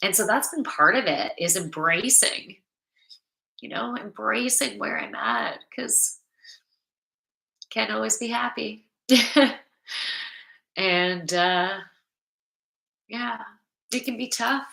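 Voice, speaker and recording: A woman's voice: a little high, slow pace, gravelly, long pauses, pushed and bright. A middle-aged woman hosting a casual livestream, chatting and reading viewer comments aloud. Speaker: livestream host. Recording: echoey room.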